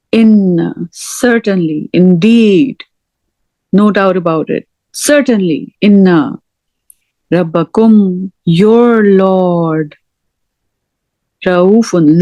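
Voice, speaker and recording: A middle-aged woman teaching a word-by-word scripture lesson, speaking deliberately and repeating each word as she explains it. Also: medium pitch, darkish tone, no room sound. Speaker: Quran teacher.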